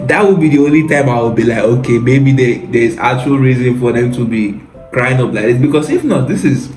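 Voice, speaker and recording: A man's voice: mid-range voice, animated, a little fast, a little mellow, echoey room, faint music behind, low-quality recording. Exasperated man mocking celebrity interviews. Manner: mocking, exasperated, laughs often, says "bro". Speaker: commentary video host. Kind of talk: casual reaction commentary.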